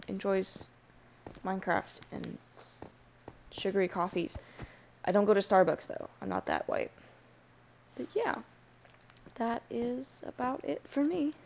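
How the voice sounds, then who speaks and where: A woman's voice: medium pitch, vocal fry, a little mellow, a little hiss or hum. A young woman giving casual gameplay commentary in a panicky, self-mocking way, swearing freely. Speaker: Minecraft let's player.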